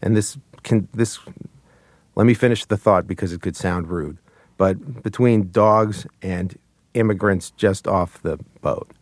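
A man being interviewed as a puppeteer, talking casually, halting and chuckling as he tells stories. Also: deep voice, no echo. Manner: hesitant, full of restarts and chuckles. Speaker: puppeteer guest.

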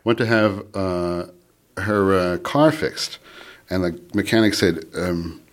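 A man being interviewed as an author on a radio show, affable and quick to agree with callers. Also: low voice. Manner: affable, agreeing, often laughing along. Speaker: author and guest.

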